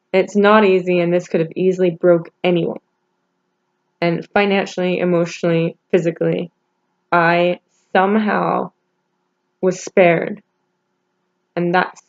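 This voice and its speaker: Woman, personal vlog, gravelly fry, halting and teary, dull lo-fi sound. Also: fairly low pitch, darkish tone. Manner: halting, emotional, many restarts and pauses. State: holding back tears. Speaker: vlogger.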